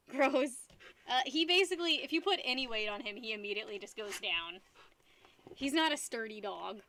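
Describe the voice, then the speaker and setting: Bright-voiced giggly woman streamer. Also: a little high, expressive, moderate pace, pauses often, slight background noise. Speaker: live-stream host. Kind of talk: casual chat while painting. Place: at home.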